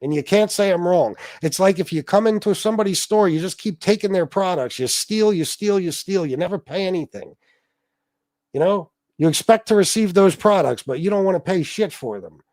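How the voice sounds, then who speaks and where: A man's voice: a little high, a little mellow, dry recording, clean studio sound. A man hosting a livestream, ranting profanely and aggrieved at his viewers. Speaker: livestream host.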